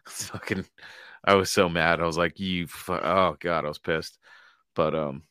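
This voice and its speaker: A man co-hosting a podcast in casual, swearing banter. His voice sits low but has a bright, forceful edge. The sound is dry, close to the mic. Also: fairly even intonation, measured pace, smooth, dry recording. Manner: profane, laughing often. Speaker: podcast co-host. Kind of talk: casual chat.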